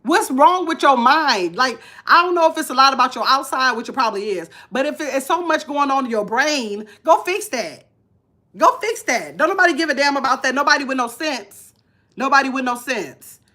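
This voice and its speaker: A woman in her fifties speaks with a nasal, high voice that sits above most women's. She lectures her viewers bluntly in a casual live stream and stops to read out their comments. Her tone is bright and forward. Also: expressive, brisk. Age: 50s. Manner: blunt, preachy, reads comments aloud. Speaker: vlogger.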